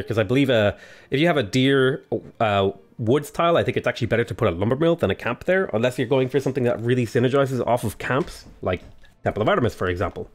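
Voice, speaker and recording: A man with an Australian accent casually talking through a strategy game tutorial, explaining his moves in a relaxed way. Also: mid-range voice. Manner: relaxed, explanatory, frequent "uh" and "go ahead". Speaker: gaming YouTuber.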